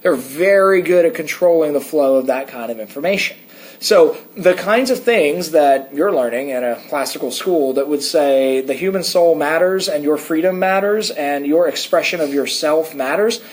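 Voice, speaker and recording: Man, American, podcast co-host, casual analytical chat, reads passages aloud, slightly high voice. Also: normal speed. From United States. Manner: talkative, digressive, reads excerpts aloud.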